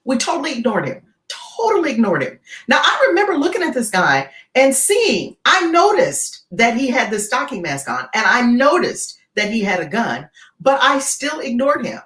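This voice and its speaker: A woman tells a gripping story in an interview, her pitch swinging widely as she builds tension. She keeps tossing in "right?" to pull the listener along, and her voice carries a roomy echo. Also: normal speed. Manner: animated, keeps checking in with "right?". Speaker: guest keynote speaker.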